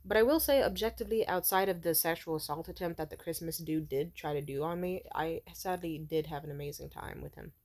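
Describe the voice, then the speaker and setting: A woman's voice: sits low, a little fast, hardly any pauses, darkish tone. A young woman venting in a casual storytime vlog, frank and profane, rambling with lots of fillers. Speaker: vlogger.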